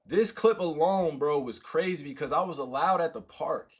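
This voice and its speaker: A man's voice: on the high side, normal speed, slightly rough. A man in his thirties casually talking to his livestream chat, loose and repetitive, often tagging his sentences with "right?" and "all right?".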